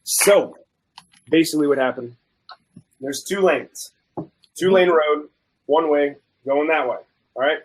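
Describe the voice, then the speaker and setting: A man guest on a chat show, telling a story in a casual, animated way and acting out the quoted people. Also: a little high, a little slow, long pauses, slightly rough, low-quality recording. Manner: animated, acts out both sides of quoted dialogue. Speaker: guest food reviewer.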